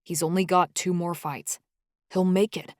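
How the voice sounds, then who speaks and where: A woman reading a gruff, protective young man in an audiobook, pitched low and held back to a strained murmur. He speaks heavily and wearily, in a dry, close recording. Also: fairly even intonation, a little slow, a little mellow, dry recording, lightly acted.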